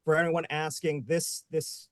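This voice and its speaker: A man's voice: a little high, level tone, unhurried, no echo. A man hosting a live online panel show, upbeat and joking, with many fillers. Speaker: host. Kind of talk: casual live panel chat.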